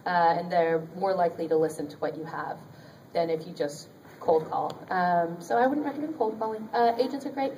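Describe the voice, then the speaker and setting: A woman's voice: fairly low pitch, fairly quick, dark tone, a little hiss or hum. A woman voice actor speaking on a convention panel, giving chatty, upbeat career advice with many ums and small laughs. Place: convention panel room with an audience. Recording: distant audience recording in a convention room.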